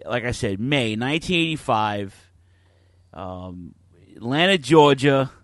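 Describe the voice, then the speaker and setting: A man hosting a casual podcast, animated and a little profane as he sets up old clips. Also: medium pitch, slow, dry recording, studio quality. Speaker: podcast host. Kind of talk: casual chat.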